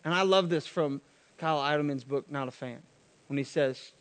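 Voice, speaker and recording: A man's voice: on the high side, brisk, fairly bright tone. A man preaching a sermon as a pastor, casual with joking asides.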